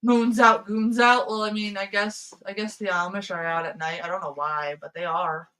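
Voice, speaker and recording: A woman's voice: medium pitch, fairly even intonation, normal speed, bright, forceful tone, smooth, poor audio. A woman hosting a casual livestream, telling rambling stories and laughing often. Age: adult, past high school. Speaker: livestream host. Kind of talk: casual chat with viewers.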